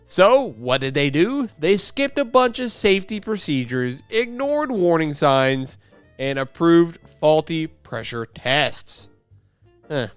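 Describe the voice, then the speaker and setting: A man's voice: on the high side, sing-song, slow, clean tone, faint music behind. A young man hosting a video, reading a script aloud and breaking off for sarcastic jokes and chats with his dog. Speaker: YouTube host. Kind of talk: reading a script with joking asides.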